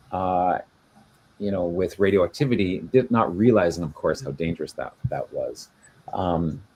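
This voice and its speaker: On a relaxed video call, a man who co-hosts a genealogy show talks at length, stumbling through fillers and restarting his sentences. His voice is deep and a touch mellow.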